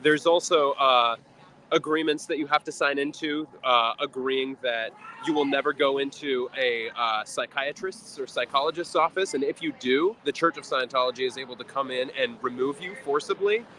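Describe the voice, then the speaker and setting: A man giving an earnest, measured explanation outdoors at a protest, pausing on fillers as he goes. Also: mid-range voice, sharp tone, slight background noise. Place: outdoors on a city street.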